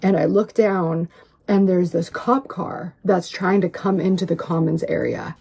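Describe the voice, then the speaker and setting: Husky low-voiced woman telling a story. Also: unhurried, a little mellow. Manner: rambling, heavy on "like". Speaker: online personality in a played clip. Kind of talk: earnest storytelling.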